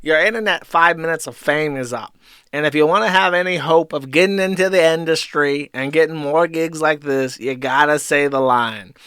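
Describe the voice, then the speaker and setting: A man's voice: a little high, moderate pace, fairly bright tone, clean tone, dry recording, clean studio sound, pitched above the performer's own voice, natural voice. A man mocking a pushy TV producer. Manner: mocking, exaggerated delivery.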